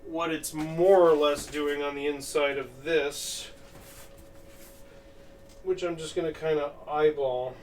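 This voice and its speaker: A man's voice: on the high side, steady tone, takes it slowly, pauses often, a little mellow. A man streaming as he crafts, thinking aloud in a casual, rambling way with lots of filler words. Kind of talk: casual live-stream chat while crafting. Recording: distant mic with faint background noise.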